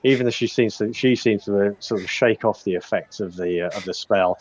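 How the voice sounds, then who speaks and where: Low-voiced man running a tabletop game. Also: fairly quick, few pauses, a little mellow. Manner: rambling, with many fillers and restarts. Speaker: game master. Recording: dull lo-fi audio.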